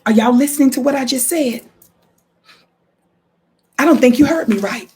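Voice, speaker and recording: A woman's voice: sits high, normal speed, warm tone, husky. Emphatic woman livestreaming to viewers. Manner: emphatic, addresses viewers directly, repeats key quotes. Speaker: livestream host. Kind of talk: live commentary reading from a book.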